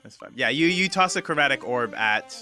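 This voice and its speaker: Halting, bright-voiced man running a game. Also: mid-range voice, animated, faint music behind. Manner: halting, full of fillers and restarts. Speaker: game master. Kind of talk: narrating a tabletop game.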